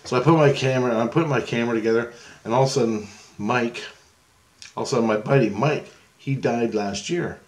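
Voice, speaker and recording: A middle-aged man rambles through a long story in a casual vlog. His voice sits at an ordinary male pitch. He swears freely and keeps breaking into laughter. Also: fairly quick. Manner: profane, laughs often, loose and talkative. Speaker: vlogger.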